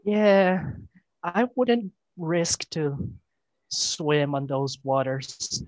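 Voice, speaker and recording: A man co-hosting a casual podcast, given to dry jokes and mock-formal greetings. He speaks very slowly, in a slightly high voice. The sound is dry and close. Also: lively intonation, no room sound, low-quality recording. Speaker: podcast co-host.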